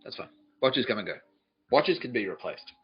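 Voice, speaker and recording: A man's voice: mid-range voice, very animated, moderate pace, lo-fi sound. A man hosting a podcast, telling a rambling, profane comic story and mimicking people's voices. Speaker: podcast host. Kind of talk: comedic storytelling monologue.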